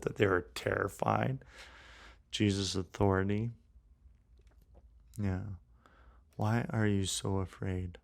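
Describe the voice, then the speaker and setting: Man, podcast co-host, gravelly, slow-talking, low voice, casual reflective chat, frequent restarts. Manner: thinks aloud with many restarts and fillers, animated when acting out quotes. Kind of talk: casual faith discussion.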